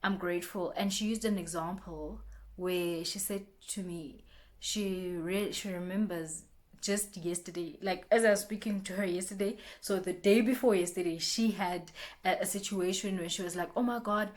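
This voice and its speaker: A young woman vlogging a casual motivational talk, chatty, repeating herself and restarting often, acting out friends' lines in lively bursts. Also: medium pitch, moderate pace.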